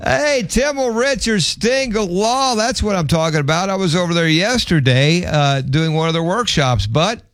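A man's voice: high-pitched, moderate pace, few pauses, a bit bright, no room sound. A man hosting a radio talk show, upbeat and enthusiastic, reading a live ad. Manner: upbeat, enthusiastic, laughs often. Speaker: radio host.

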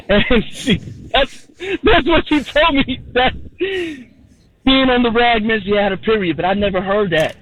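A man's voice: very high voice, measured pace, fairly bright tone, a little hiss or hum. A man from New York calling into a radio show as a guest, telling a comic personal story in a rambling way, full of "you know" fillers. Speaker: guest comedian. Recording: tinny phone line.

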